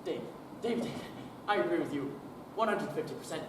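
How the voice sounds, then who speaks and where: A young man acts out a hot-tempered boss who blusters, sneers and bullies whoever is on the line. The voice sits fairly high and sounds distant from the microphone. It rings through a large, echoing school hall with a faint hiss underneath. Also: lively intonation, brisk, close to an everyday voice. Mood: ranting. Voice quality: ranting, bullying, sarcastic. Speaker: speech competition contestant. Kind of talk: humorous interpretation monologue. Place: school auditorium. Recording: echoey hall from far off.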